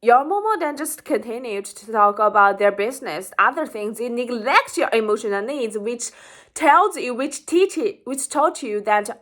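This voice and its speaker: High-voiced woman explaining earnestly. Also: lively intonation, moderate pace, a bit bright. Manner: earnest, rephrases and repeats while explaining. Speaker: psychology explainer. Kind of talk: informal educational talk.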